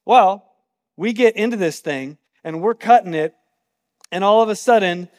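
A man's voice: high voice, moderate pace, a little mellow, in a large hall. A man preaching a sermon, telling a story casually and with animation. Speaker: pastor.

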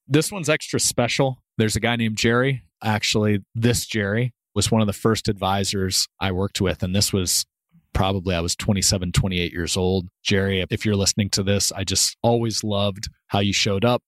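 Low-voiced man hosting a podcast. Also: fairly even intonation, moderate pace, no room sound. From Kansas. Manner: warm storytelling, speeds through disclaimers. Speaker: podcast host. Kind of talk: casual podcast outro.

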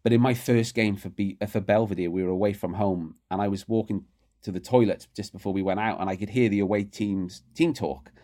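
A man telling rapid, animated anecdotes as a podcast guest, often restarting his sentences. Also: fairly low pitch. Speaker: guest, rugby writer. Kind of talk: casual storytelling interview.

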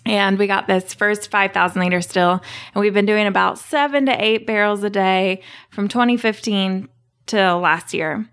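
A woman's voice: mid-range voice, moderate pace, fairly bright tone, clear, resonant tone. Woman explaining her craft in detail. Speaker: distillery guest. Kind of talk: casual interview talk.

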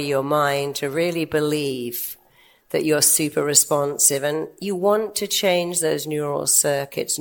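An older woman therapist giving a lively talk to an audience, telling stories about her clients. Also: sits low, creaky. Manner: lively storytelling with quoted clients. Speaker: therapist and speaker.

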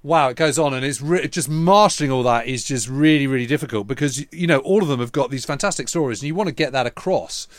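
A man's voice: medium pitch, quick pace, hardly any pauses, no room sound, studio quality. A man co-hosting a podcast, chatting enthusiastically about history in eager bursts. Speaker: podcast co-host. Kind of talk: casual history chat.

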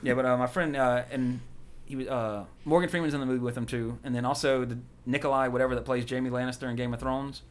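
Fast-talking rambling male podcast host. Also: mid-range voice, steady tone. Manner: rambling storyteller, laughs often. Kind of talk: casual chat.

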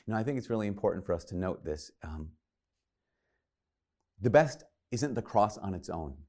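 A man's voice: on the low side, expressive, moderate pace, darkish tone. Earnest conversational male preacher. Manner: earnest, conversational, retells scripture in quoted voices. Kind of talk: sermon.

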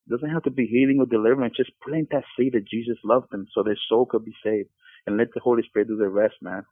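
A man's voice: mid-range voice, steady tone, fast talker, breathy edge, dry recording. A man speaking as a podcast guest, giving an earnest Christian testimony with frequent stumbling restarts. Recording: tinny phone line.

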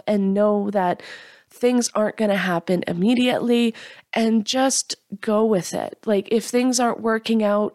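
A woman's voice: mid-range voice, a little mellow, no echo, clean studio sound. A woman giving an earnest, encouraging motivational talk, openly sharing her own setbacks. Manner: earnest, encouraging, self-deprecating.

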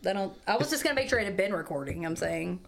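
A woman's voice: mid-range voice, animated, fast, vocal fry, a crowd in the background. A woman co-hosting a casual podcast, blunt and sweary, teasing the others. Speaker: podcast co-host. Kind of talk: casual chat.

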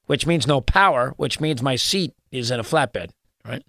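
A male talk show host telling a story in a rambling, excitable way, full of restarts. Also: medium pitch, moderate pace, gravelly, dry recording, studio quality. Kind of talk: storytelling monologue.

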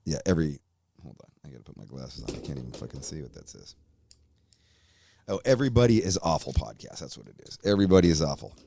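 A man's voice: very deep voice, big pitch swings, fast, creaky, noisy background. A man hosting a podcast, ranting in an angry, profane way, recorded on a close studio mic. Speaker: host.

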